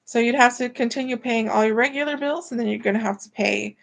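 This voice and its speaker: A woman hosts a casual live stream indoors at home, rambling and chatting with many fillers as she reads viewer comments aloud. Her voice is fairly high and creaky, and she talks fast.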